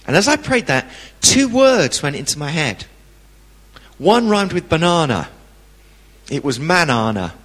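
A man giving a testimony sermon, telling a personal story with lively delivery and acting out the people he quotes. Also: a little high, a little slow, long pauses, long reverb tail.

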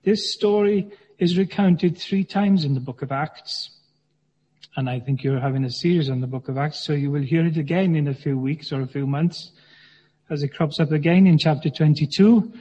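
Male minister, measured sermon with dry humor; muffled, lo-fi church recording with a long echo. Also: fairly high pitch, breathy edge. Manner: measured, gently humorous preaching. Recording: dull sound with long church reverb.

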